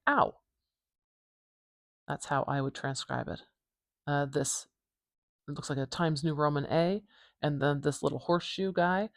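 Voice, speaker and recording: A woman from Canada teaching phonetics at home in a calm, unhurried lesson inspired by ASMR. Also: sits low, no echo, studio quality. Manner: calm, unhurried, explains step by step. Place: home room.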